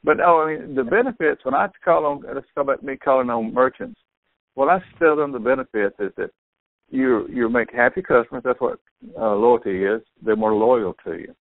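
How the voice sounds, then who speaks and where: An older man, a store owner telling sales stories excitedly over a tinny phone line, acting out what people said. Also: medium pitch, moderate pace, no echo. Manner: excitable storyteller, acts out quotes. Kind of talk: phone conversation.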